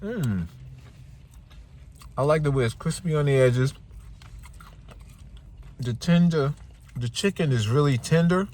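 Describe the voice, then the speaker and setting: A middle-aged man from New Jersey hosting a casual vlog on a handheld phone, lively and chatty, calling his viewers y'all. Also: a little high, slow pace, long pauses. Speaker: vlogger host. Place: restaurant and parked car. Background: music playing.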